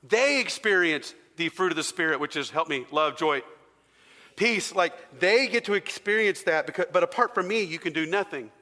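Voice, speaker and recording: Bright-voiced preacher in a reverberant hall. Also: male voice, fairly high pitch, animated, normal speed. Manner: conversational, engages the congregation with questions. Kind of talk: sermon. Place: large church hall.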